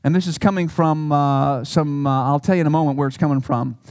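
A middle-aged man preaching a sermon as a pastor, earnest, with emphatic peaks and soft low asides. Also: steady tone, brisk, dry recording.

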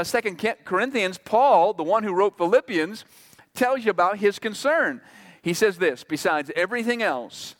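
A pastor preaching a sermon in a church, earnest and conversational, pausing and restarting as he explains. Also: sits high, a bit bright. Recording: long hall reverb.

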